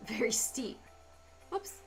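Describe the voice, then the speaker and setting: A woman hosting a stock market livestream, talking through charts in a casual, animated way with lots of rhetorical questions. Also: takes it slowly, soft background music.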